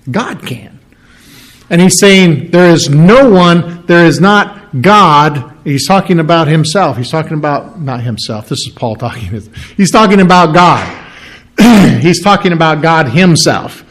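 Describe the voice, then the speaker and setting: Earnest, slightly high-voiced male preacher. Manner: earnest, repeats and restarts words while explaining scripture. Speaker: pastor. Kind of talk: sermon.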